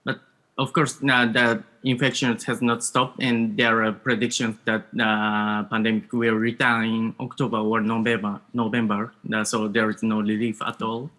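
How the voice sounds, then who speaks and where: A man's voice: fairly low pitch, flat delivery, normal speed, bright, forceful tone. A man, a startup founder in his thirties introducing himself on a video call, hesitant with many fillers. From Japan. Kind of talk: panel self-introduction.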